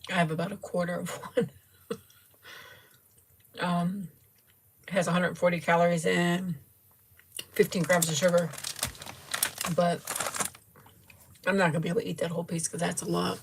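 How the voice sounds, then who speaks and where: On a casual livestream, a middle-aged woman taste-tests a sweet, giggling frequently as she warmly thanks viewers by name. Her lowish, gravelly voice moves little in pitch and keeps a normal speed, broken by long pauses over slight background noise.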